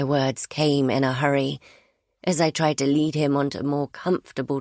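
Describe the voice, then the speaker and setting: Woman narrator, low voice, dry close recording, measured first-person thriller reading. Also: level tone, darkish tone, no room sound. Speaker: audiobook narrator.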